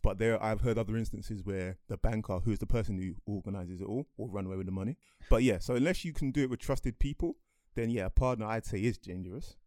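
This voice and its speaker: A young adult man, explaining things in a relaxed, chatty way as a podcast co-host and laughing often. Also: on the low side, fast talker, hardly any pauses, dry recording. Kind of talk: casual chat.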